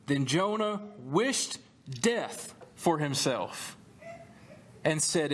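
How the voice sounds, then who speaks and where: Man preaching a lively, conversational sermon. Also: a little high, very slow. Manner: animated storytelling, conversational, humorous asides. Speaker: pastor.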